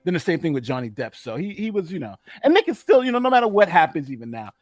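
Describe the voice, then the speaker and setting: A man's voice: fairly high pitch, fast talker, dry recording. A man hosting a casual live-stream commentary, chatty and repetitive, gloating as he talks. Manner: animated, repeats himself, gloating and chatty. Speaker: host of a legal commentary channel.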